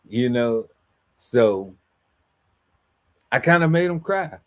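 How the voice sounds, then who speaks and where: A man's voice: mid-range voice, animated, slow, long pauses, darkish tone. A man on a podcast panel telling a story in casual, slangy chat, laughing often and acting out quotes.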